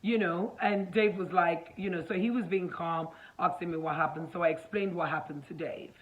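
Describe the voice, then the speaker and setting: A woman vlogger in casual storytelling mode, animated, acting out the dialogue as she goes. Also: on the low side, normal speed, rough recording. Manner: animated, acts out dialogue, fillers.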